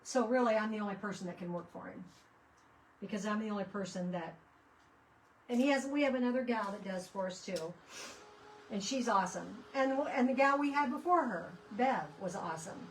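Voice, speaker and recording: A woman's voice: mid-range voice, a little fast, slight background noise. A woman chatting casually while she does crafts at home, rambling from one story to the next with lots of restarts. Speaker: craft vlogger. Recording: voice picked up from a distance.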